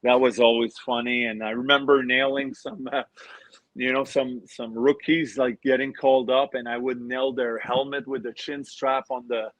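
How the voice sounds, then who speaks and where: A man's voice: mid-range voice, little pitch movement, moderate pace, a bit bright, dry recording, rough recording. A man in his forties, a former pro hockey player, telling laughing anecdotes as a podcast guest. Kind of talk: casual podcast storytelling.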